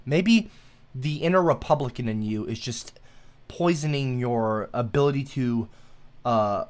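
A man livestreaming, scolding his chat like a mock teacher, shifting from shouts to slow hushed lecturing. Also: medium pitch. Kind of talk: ranting livestream talk.

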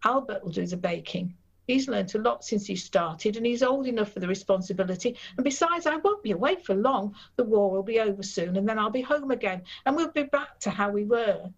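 A woman's voice: medium pitch, lively intonation, fairly quick. A woman reading the part of a young German baker, earnest and sorrowful, in a dull recording. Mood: reassuring. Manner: pleading, sad.

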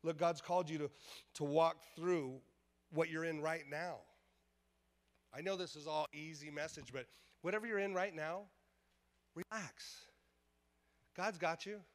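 Male pastor, sermon delivery; slightly high voice, emphatic, repetitive, call-and-response with the room. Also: moderate pace. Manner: emphatic, repetitive, calls out to the congregation. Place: church service.

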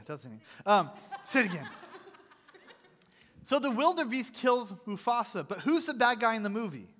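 A man's voice: sits high, very animated, normal speed, a bit bright. A man preaching a sermon as pastor, conversational and jokey, quizzing the congregation between earnest points, in a church sanctuary. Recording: long hall reverb.

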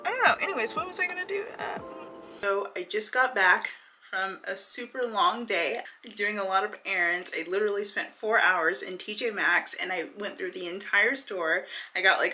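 It's a casual vlog: a young woman in her parked car speaks to a dashboard camera in a bright, forceful, medium-pitched voice, chatty and giggly with lots of "like." The audio is poor, with a bit of background noise.

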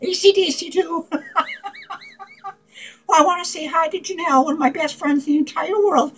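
A man's voice: very high-pitched, steady tone, moderate pace, crowd noise, rough recording. A man playing a manic, unhinged male clown who rambles giddily and crudely in a comedic character vlog, cackling and swearing. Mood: giddy. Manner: cackling, profane, giddy rambling.

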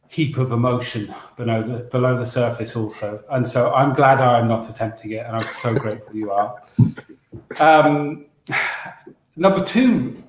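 This podcast co-host is a man from England whose medium-pitched voice comes with a bit of background noise. His delivery is eager and meandering, full of restarts, and the room gives the audio a noticeable echo.

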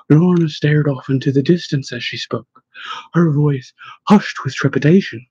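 A man with a husky, somewhat high voice tells the story in a steady, even way. The read is close and dry, with a slightly muffled recording. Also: normal speed, no room sound. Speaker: audiobook narrator. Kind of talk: audiobook narration.

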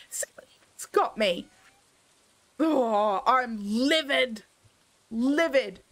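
A young woman commenting casually while streaming a game, grumbling to herself in theatrical exasperation. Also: mid-range voice.

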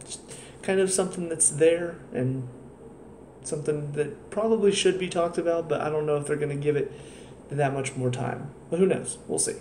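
A man's voice: fairly high pitch, normal speed, warm tone, a little hiss or hum. A man giving a casual spoken review of a TV episode, exasperated and sarcastic, sounding tired. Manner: exasperated, ranting, sarcastic asides. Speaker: TV show reviewer. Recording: roomy echo, faint ambience.

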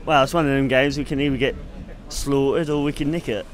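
A man's voice: mid-range voice, fairly even intonation, brisk, rough recording. A man, a football fan, giving a down-to-earth, wry answer in a street interview. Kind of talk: vox-pop interview. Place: outdoors, street. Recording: outdoor street with crowd.

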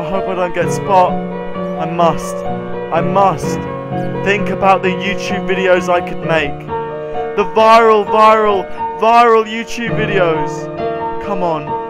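A man narrating a comedic video game skit, with exaggerated, melodramatic exclamations, sarcastic asides and bursts of panicked yelling. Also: sits high. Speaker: YouTuber touring a game build. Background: clear background music.

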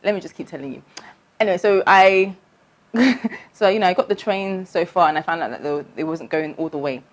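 A young woman from tells a personal storytime on her vlog. Her speaking voice sits on the lower side, but it leaps up high whenever she acts out what she thought back then. She talks in a chatty, animated way, straight to her viewers. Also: fairly quick. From London. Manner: animated storytelling, acting out her own past voice with big pitch jumps. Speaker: vlogger.

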